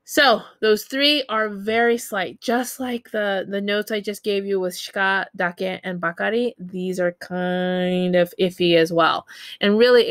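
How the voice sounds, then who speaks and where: A woman's voice: lowish voice, dry recording. Woman teaching grammar, chatty, lots of ums, corrects herself, dry recording. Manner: explanatory, casual, with frequent fillers and self-corrections. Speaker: Japanese language teacher.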